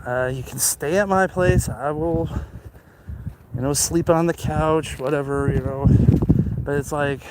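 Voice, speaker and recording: A man's voice: a little high, measured pace, rough recording. A man casually telling a story while walking outdoors, rambling with many fillers and restarts. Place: outdoors on a walk. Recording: loud outdoor noise.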